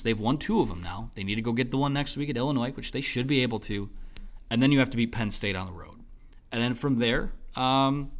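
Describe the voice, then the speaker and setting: A man talking through a post-game football analysis in a loose, thinking-aloud way with lots of fillers and restarts, his voice going hoarse. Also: mid-range voice. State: losing his voice. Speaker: sports analyst.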